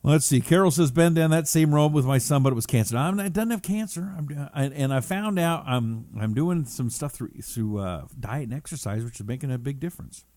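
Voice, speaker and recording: A middle-aged man hosts a casual talk stream at a mid-range pitch, reading viewer comments aloud and wandering off into asides. His voice is captured dry and close to the mic with no room sound. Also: expressive, fairly quick, hardly any pauses, darkish tone, no room sound. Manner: chatty, rambling, reads comments aloud and jokes. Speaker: talk show host.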